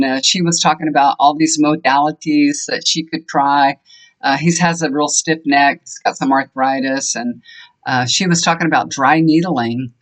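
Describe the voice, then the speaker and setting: Brief: older woman vlogger, rambling chatty storyteller, homey tone. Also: low voice. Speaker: tarot reader and energy healer. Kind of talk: casual chat to viewers. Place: home room, fan switched off.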